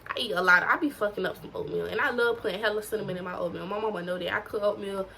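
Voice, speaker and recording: A woman's voice: mid-range voice, very fast, creaky, bright, forceful tone, slight background noise, rough recording. A teenage girl giving casual, profane tips to her viewers in a blunt, slangy way. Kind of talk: casual to-camera advice.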